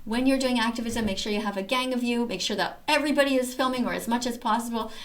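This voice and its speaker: A woman with a slightly high voice talks fast as she hosts casual commentary over activist videos, reacting with emphatic enthusiasm.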